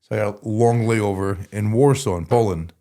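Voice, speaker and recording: A man's voice: on the low side, moderate pace, mellow. A man telling a story as a podcast guest, rambling casually with lots of "like" and self-corrections. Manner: rambling, full of "like" and restarts.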